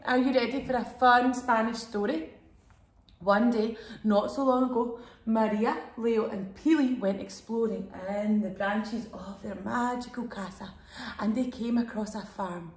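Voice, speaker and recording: High, slow sing-song woman teacher. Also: darkish tone, roomy sound. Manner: exaggerated, sing-song, prompting children to repeat words. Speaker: children's Spanish teacher and storyteller. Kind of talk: bilingual storybook lesson for young children.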